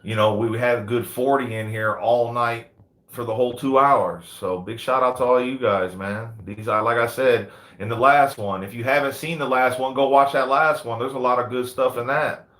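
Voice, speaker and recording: A man's voice: mid-range voice, steady tone, normal speed, fairly bright tone, reverberant. A man in his thirties hosting a casual live chat indoors, laid-back and peppering his talk with "man" and "you know what I mean.". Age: 30s. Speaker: livestream host and dog breeder. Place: indoors under big lights.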